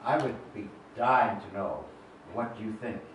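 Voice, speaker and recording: A man's voice: on the low side, measured pace, slight background noise. A man, a film historian, interviewing a guest on stage before an audience, asking curious, probing questions. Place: cinema hall with live audience. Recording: very echoey hall from far off.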